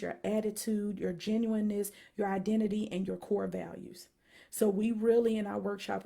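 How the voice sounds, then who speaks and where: An energetic woman with a Southern American accent talks straight to her online audience, full of enthusiasm. Her voice is dark and mellow with a gravelly edge. She sounds like a psychologist in her thirties promoting her speaking work. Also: mid-range voice. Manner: energetic, repeatedly addresses audience as y'all. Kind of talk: live-stream announcement.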